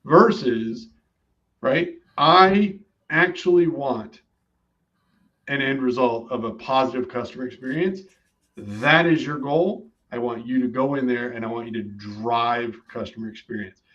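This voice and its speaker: A man's voice: mid-range voice, unhurried, a bit bright, lo-fi sound. A man on a conversational podcast, explaining his points emphatically, step by step.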